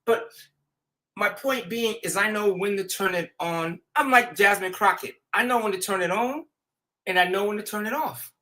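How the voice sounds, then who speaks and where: Here a host with a voice that sits high talks at a moderate pace, trading casual, slang-heavy stories. He gets animated, voicing quotes and laughing as he goes.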